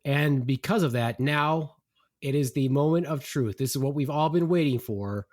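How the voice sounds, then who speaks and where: A man's voice: mid-range voice, normal speed, a little mellow. A man hosting a podcast livestream, teasing and announcing in a mock-grand way. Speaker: podcast host. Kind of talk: casual livestream banter.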